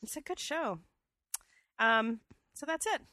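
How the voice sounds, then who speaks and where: A woman's voice: a little high, expressive, slow, sharp tone, no room sound. A woman co-hosting a podcast, chatting enthusiastically and casually, with plenty of fillers and restarts. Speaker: podcast co-host. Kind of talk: casual chat.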